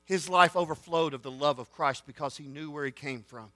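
Bright-voiced preacher, dry sound. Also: male voice, a little high, normal speed, pauses often, no echo. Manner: folksy, builds to shouted excitement. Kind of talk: sermon storytelling.

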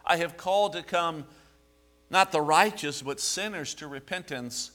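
Bright, forceful preacher. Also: male voice, a little high, measured pace, faint music behind. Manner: animated preaching with rhetorical questions. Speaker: pastor. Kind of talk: sermon.

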